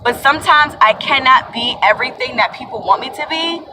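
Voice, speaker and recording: A woman's voice: high voice, lively intonation, a little fast, recorded from a distance, background noise. A young adult woman giving an earnest, rambling spiritual talk to her viewers, calling them y'all and sis. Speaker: spiritual vlogger. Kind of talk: casual spiritual talk to camera.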